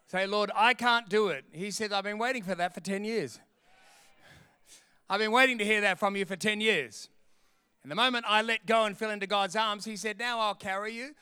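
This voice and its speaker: A man preaching a sermon in an animated way, acting out voices and laughing often. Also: high voice, fairly quick, clean tone, no room sound. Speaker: pastor.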